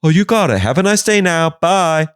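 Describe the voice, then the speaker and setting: A man's voice: on the high side, animated, a little fast, smooth, pitched above the performer's own voice, natural voice. A man voicing a breezy, overly casual male hospital staffer.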